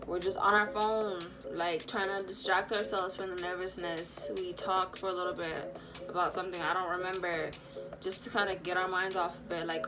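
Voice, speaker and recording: A young woman casually retelling a personal story, animated and full of fillers, acting out what people said. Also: lowish voice, normal speed, over music. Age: young adult. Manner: animated, lots of fillers, acts out quotes. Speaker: vlogger.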